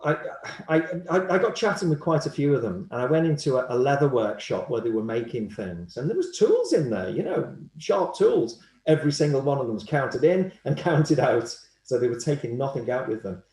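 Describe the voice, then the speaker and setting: A man's voice: medium pitch, a little fast, few pauses. Man telling stories, echoey room. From Liverpool, England. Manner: animated storyteller, acts out quoted voices. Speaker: guest, hypnotherapist. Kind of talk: anecdotal interview storytelling.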